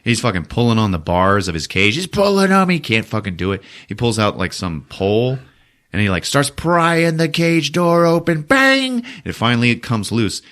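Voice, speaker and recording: A man hosting a podcast, giving a profane, animated comic retelling of a movie. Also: medium pitch, normal speed. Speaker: podcast host.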